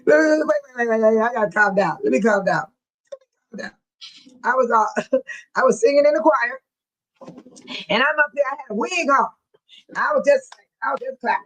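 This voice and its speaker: Chatty older woman with a high voice. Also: expressive, moderate pace, pauses often, a bit bright, rough recording. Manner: chatty, laughing storyteller; addresses viewers by name. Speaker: livestream host. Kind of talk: casual chat to viewers.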